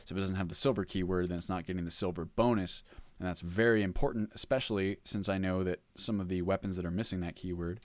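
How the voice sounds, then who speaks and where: A man's voice: low-pitched, fairly even intonation, quick pace, no room sound. A man streaming casually while working, rambling, reading chat aloud and humming to himself. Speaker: modlist developer streamer.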